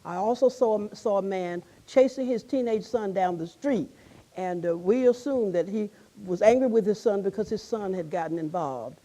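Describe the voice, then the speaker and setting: A woman on a forum panel, earnestly recalling what she saw, lively when she quotes children. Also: medium pitch, moderate pace.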